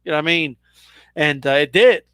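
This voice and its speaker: A man's voice: a little high, fairly quick, bright, forceful tone, clear, resonant tone, no room sound. A man co-hosting a casual wrestling talk, laid-back, often adding "bro" and "you know what I mean". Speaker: co-host. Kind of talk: casual chat.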